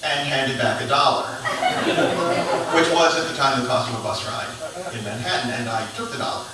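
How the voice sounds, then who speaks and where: A man's voice: medium pitch, animated, normal speed. A man doing a stand-up set on a comedy club stage, telling a story in a dry, understated way. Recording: echoey club from a distant mic with noise.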